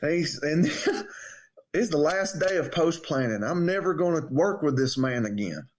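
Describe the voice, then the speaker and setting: A man's voice: on the high side, expressive, measured pace. A man, a podcast co-host and coach, trading jokes and stories in easygoing banter. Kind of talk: casual storytelling chat.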